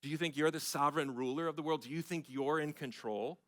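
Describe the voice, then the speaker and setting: A man voicing an old male reformer who chides an anxious friend with rapid-fire questions, over soft guitar music. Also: on the high side, pitched above the performer's own voice, natural voice. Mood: emphatic.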